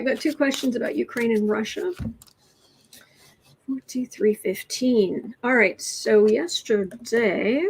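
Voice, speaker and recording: A woman with a fairly high voice hosts a casual livestream, reading tarot cards and reacting to the news. She muses, lets thoughts trail off, drops sardonic asides, and sometimes sinks into a whisper. The recording is rough, with a little hiss or hum.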